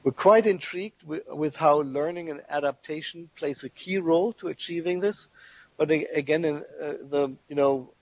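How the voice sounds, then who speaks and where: Husky-voiced male lecturer. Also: a little high, normal speed, a little mellow, dry recording, dull audio. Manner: thoughtful, restarts words, explains step by step. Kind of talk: academic lecture.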